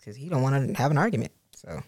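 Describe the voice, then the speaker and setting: A woman's voice: rumbling low, sing-song, fast, a little mellow, breathy edge, dry recording, studio quality. A woman co-hosting a podcast with her husband, talking candidly and acting out quoted dialogue. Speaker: podcast co-host. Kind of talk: casual podcast chat.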